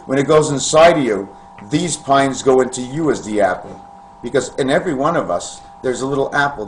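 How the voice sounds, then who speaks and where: A man vlogging in a meandering, free-associating monologue to camera, with sudden loud bursts. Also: mid-range voice, slight background noise.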